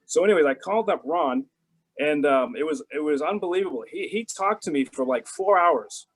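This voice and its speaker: A very animated middle-aged man with a husky, fairly high voice tells a casual story fairly quickly as an interview guest. He rambles, restarts, fills pauses, and acts out phone calls in quoted voices. The audio is poor.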